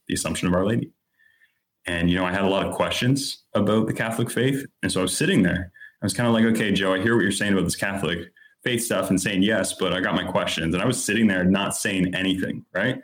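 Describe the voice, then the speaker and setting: A man in his thirties with a deep, low-pitched voice, sharing his own story as a guest on a podcast. He talks in an earnest, candid, conversational way, peppered with casual fillers. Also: a little fast. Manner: earnest, candid, lots of "like" and "you know".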